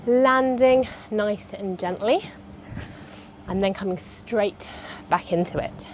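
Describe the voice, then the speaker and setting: A woman's voice: mid-range voice, slow, a little mellow, slight background noise. A woman, a fitness instructor chatting and cueing movements through a workout.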